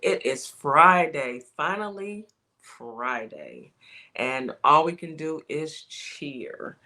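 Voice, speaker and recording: Older woman, radio morning host, bright voice, upbeat casual chat. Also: low-pitched, slow.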